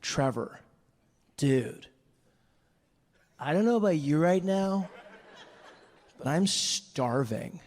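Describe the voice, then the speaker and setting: A man's voice: fairly high pitch, animated, slow, pauses often, darkish tone. A man doing a laid-back American dude, incredulous. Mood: casual. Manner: casual, incredulous.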